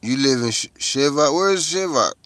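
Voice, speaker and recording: A man's voice: medium pitch, expressive, moderate pace, fairly bright tone, no echo. A middle-aged man, chatting casually and profanely with viewers on a livestream, rambling from one thought to the next. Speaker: livestream host.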